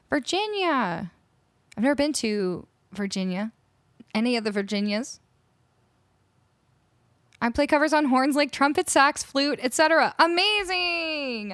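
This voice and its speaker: On a live music stream, a Canadian woman chats casually, greeting viewers and reading their chat messages aloud. Her mid-range voice is a little bright, captured dry on a studio microphone.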